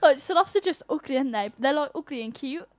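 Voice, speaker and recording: Giggly high-voiced woman, dry mic. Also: animated, darkish tone, no room sound. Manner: giggly, teasing, quick to laugh. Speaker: radio show co-host. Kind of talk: casual chat.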